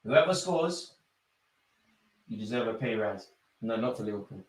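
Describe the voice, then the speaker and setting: A young man giving excitable live commentary on a football match, shouting at players and the referee. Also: lowish voice, normal speed, husky. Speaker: football fan channel host.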